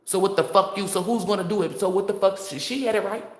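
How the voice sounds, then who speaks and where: A woman tarot reader delivers a casual, preachy monologue to her audience, blunt and full of profanity. Her voice sits at a middle pitch. The recording is roomy and echoey. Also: quick pace, darkish tone. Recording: echoey room.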